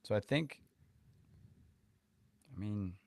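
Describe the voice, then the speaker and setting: A man's voice: lowish voice, lively intonation, takes it slowly, creaky, dry recording. A man co-hosting a podcast in loose, conversational chat full of "you know" and "kinda". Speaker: podcast co-host. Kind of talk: casual chat.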